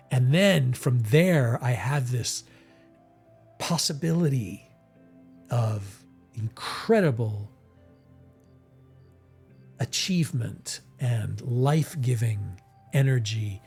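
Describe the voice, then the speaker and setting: A man giving a casual live-streamed tarot reading, talking in a soft, musing way that often trails off into whispers. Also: mid-range voice, lively intonation, takes it slowly, vocal fry, pauses often, faint music behind. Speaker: tarot reader and game streamer.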